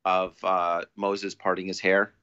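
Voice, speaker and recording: A man talking as a podcast guest in a casual, rambling way, restarting often and getting animated when he quotes people. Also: sits low, a little slow, smooth. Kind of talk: casual storytelling. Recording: dull lo-fi audio.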